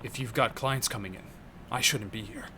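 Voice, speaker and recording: A man voicing a stoic, tough male yakuza in a game, speaking low, quiet and deadpan. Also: normal speed, a little hiss or hum. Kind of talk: reading game dialogue aloud on a stream.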